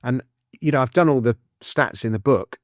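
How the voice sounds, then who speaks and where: A man, speaking as a guest author in a casual interview, chatty and explaining with quick restarts and asides. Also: medium pitch, dry recording, studio quality. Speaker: author and financial commentator, guest.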